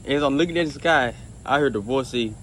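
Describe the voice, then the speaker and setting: A man with a mid-range voice tells a personal faith story in loose, rambling fashion, circling back and restarting his sentences. He sounds earnest and at times soft-spoken. Faint crickets and insects chirp quietly behind him. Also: medium pitch, brisk, slight background noise. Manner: rambling and repetitive, many restarts. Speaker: storyteller sharing a faith testimony. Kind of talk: casual spoken testimony.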